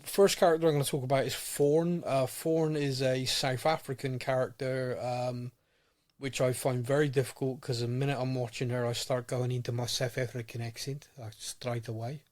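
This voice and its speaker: Guy cohosting a podcast, rambly, stumbles over his words a lot, normal pitch. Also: level tone, moderate pace, a little mellow. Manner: rambling, repeats words when starting sentences. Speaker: podcast co-host. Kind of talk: casual chat.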